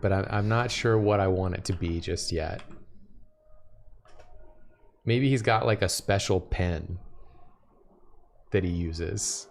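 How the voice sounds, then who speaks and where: A man's voice: low-pitched, slow pace, creaky, pauses often, a little hiss or hum. A man co-hosting a drawing lesson, brainstorming ideas and joking around in casual chat. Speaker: co-host.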